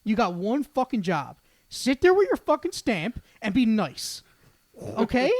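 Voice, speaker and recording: A man's voice: extremely high pitch, measured pace, dry recording. Profane ranting young man. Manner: profane, ranting, animated storytelling. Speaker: podcast co-host. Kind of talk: casual podcast banter.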